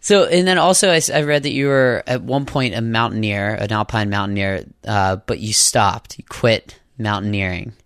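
A man hosting a podcast interview who asks curious, soft-spoken questions. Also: on the low side, moderate pace, hardly any pauses, clean tone. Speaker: podcast host. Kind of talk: interview and ad read.

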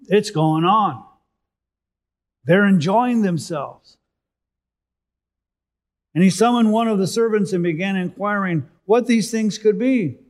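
A man delivering a sermon at a slow, deliberate pace, his voice sitting a little high for a man. He reads scripture and explains it, lifting his voice for emphasis and then letting it fall quiet. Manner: expository, rising for emphasis then dropping softly. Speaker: preacher.

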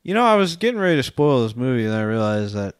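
A man's voice: medium pitch, sing-song, fast talker, smooth, no echo, studio quality. Laughing, swearing man recapping a movie. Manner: laughs often, swears casually, acts out scenes. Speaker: podcast co-host. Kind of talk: casual movie-review chat.

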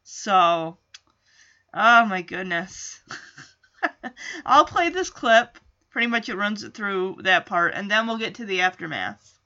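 A woman hosting a casual recap of a TV episode, excitable and quick to laugh, acting out lines as she goes. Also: mid-range voice, muffled recording. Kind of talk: casual chat.

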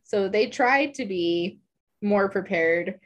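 A woman co-hosting a relaxed book discussion, unhurried in her pace. She explains the plot conversationally, dropping in "like" as she goes. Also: mid-range voice, lo-fi sound. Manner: conversational, uses "like" and laughs easily. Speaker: podcast co-host.

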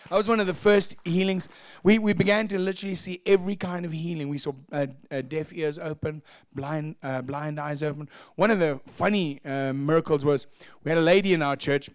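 A man preaching a sermon as pastor, telling stories in an animated way and acting out voices. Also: fairly high pitch, fairly quick, few pauses, smooth, no room sound. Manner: animated, acts out voices, laughs at own stories. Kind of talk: sermon storytelling.

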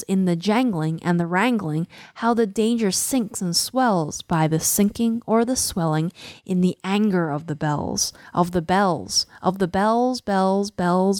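Woman, teacher, poetry reading and analysis, rhythmic emphatic delivery, slow pace, dry close sound. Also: medium pitch, a little mellow, no echo. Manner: rhythmic, emphatic reading that dwells on repeated words. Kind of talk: dramatic poetry recitation and literary analysis.

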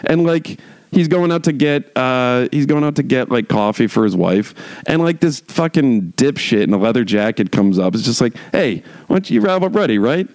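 A man's voice: mid-range voice, expressive, moderate pace, a little mellow. A man hosting a casual talk show, ranting in a rambling, profane way full of filler words. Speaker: podcast host reviewing shows. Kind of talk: casual rant.

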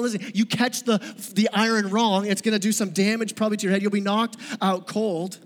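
Male pastor, high voice; conversational sermon with humor and questions to the room; long church-hall reverb. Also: normal speed. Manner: conversational, joking, asks the audience questions. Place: church sanctuary.

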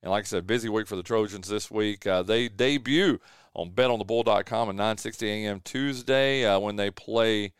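A man hosting a local sports radio show, running through scores and team records with many fillers and quick self-corrections. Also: fairly low pitch, clear, resonant tone, dry recording, clean studio sound.

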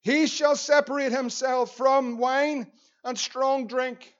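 A man's voice: extremely high pitch, fairly even intonation, slow, dull audio. A man with a Northern Irish accent preaching a sermon as pastor, earnest and repeating phrases for emphasis.

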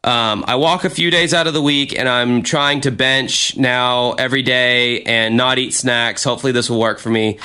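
A man's voice: mid-range voice, steady tone, normal speed, hardly any pauses, sharp tone, smooth. A young American man reading his old journal aloud with a friend, self-mocking and swearing freely. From United States. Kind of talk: casual chat reading aloud.

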